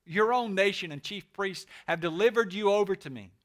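A man's voice: high voice, normal speed, pitched above the performer's own voice, lightly acted. A man reading the lines of a Roman governor questioning a prisoner, in a raised, questioning tone.

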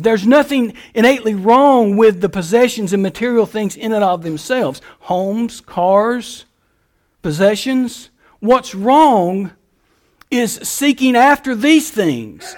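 A male pastor preaching a sermon in a folksy, emphatic way. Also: high voice.

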